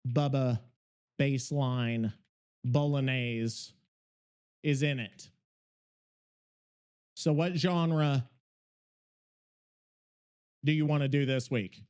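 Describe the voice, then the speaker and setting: A man's voice: medium pitch, a little mellow, clean tone. A man hosting a podcast in casual chat, rambling, profane and easily worked up. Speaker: podcast host.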